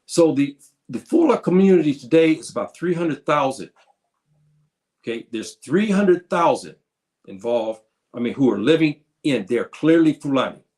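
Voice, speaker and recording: A man's voice: on the high side, expressive, darkish tone. A man giving an informal history lecture, calling his listeners brothers and sisters and often restarting his phrases. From United States. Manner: addresses listeners as brothers and sisters, halting with repeats. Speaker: history presenter.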